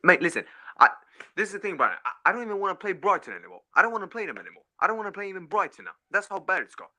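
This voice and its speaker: A man's voice: sits high, sing-song, rapid-fire, sharp tone. A man ranting in fury as a caller on a fan stream, swearing and repeating "mate" and "yeah". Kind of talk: angry football fan rant.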